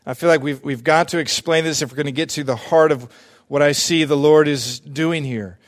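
A man preaching a sermon as pastor, earnest and deliberate, repeating key phrases for emphasis. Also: on the high side, steady tone.

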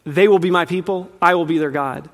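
A man's voice: high-pitched, brisk. A man preaching a teaching sermon, earnest and building in emphasis as he quizzes his listeners. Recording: long reverb of a hall.

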